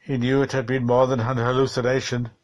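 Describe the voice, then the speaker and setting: A man reading a short story aloud in a measured, dramatic audiobook style. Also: medium pitch, flat delivery. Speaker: narrator. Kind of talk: audiobook narration.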